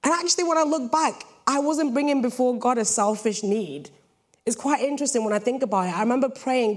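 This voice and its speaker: Young female British preacher, playful storyteller, slightly high voice. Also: a little fast. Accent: British English. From Britain. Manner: lively, jokey storytelling. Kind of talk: sermon.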